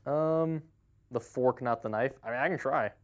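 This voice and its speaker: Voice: medium pitch, moderate pace. A live game streamer in casual chat, greeting viewers by name and laughing easily.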